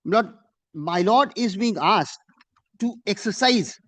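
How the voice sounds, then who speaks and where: A man, arguing a case before a judge in a courtroom, deferential and emphatic, slowing down to read judgments aloud. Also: sits high, expressive, a bit bright. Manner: deferential, addressing the bench as "my lord" again and again; slow and emphatic when reading out judgments. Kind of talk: formal courtroom argument.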